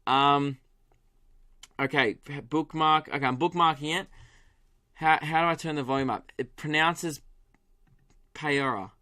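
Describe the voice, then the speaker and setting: Aussie guy ranting on his podcast, bright voice, laughs and swears a lot. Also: on the high side, a little slow, pauses often. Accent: Australian. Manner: animated, swearing, laughing, doing impressions. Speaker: podcast host. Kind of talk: solo comedic podcast rant.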